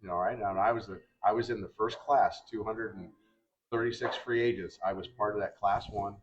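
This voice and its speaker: An older man, a retired baseball pitcher, telling his career stories in casual chat and acting out the lines of the people in them. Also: fairly quick. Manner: animated, acts out other people's lines in quotes. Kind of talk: casual storytelling. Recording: dull lo-fi sound.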